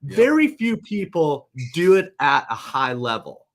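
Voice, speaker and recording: A middle-aged man, a company founder, talking casually as a webinar guest, relaxed and rambling with restarts. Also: on the high side, a little slow.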